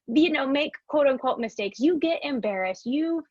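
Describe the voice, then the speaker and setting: A woman's voice: high-pitched, animated, moderate pace, darkish tone, dry recording. A woman hosting a podcast interview in casual conversation, enthusiastic and affirming, with lots of "like" and "right". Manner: enthusiastic, affirming, speaks with many fillers like "like" and "right". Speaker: podcast host. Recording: dull, lo-fi sound.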